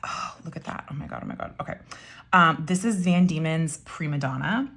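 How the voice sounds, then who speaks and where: A woman's voice: low voice, expressive, brisk, creaky, fairly bright tone. A woman chatting casually and enthusiastically while showing and writing with her pens, with many fillers. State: voice getting froggy. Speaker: pen and ink vlogger.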